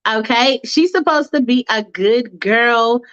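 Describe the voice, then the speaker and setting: Chatty high-voiced woman storyteller. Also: slow, fairly bright tone, highs cut off. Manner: chatty, slangy, full of asides. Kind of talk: casual fan-fiction storytelling.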